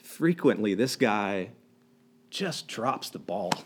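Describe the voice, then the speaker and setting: A man preaching a sermon, retelling scenes with animated storytelling and acting out the quoted lines. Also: on the low side, slow pace, a little hiss or hum.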